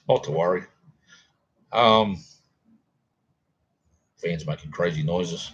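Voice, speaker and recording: A man's voice: on the low side, unhurried, pauses often, fairly bright tone, husky, muffled recording. A middle-aged Australian man rambling casually to viewers while hosting a livestream from home. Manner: rambling, laid-back, chatty with viewers. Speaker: livestream host. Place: home, near a garage.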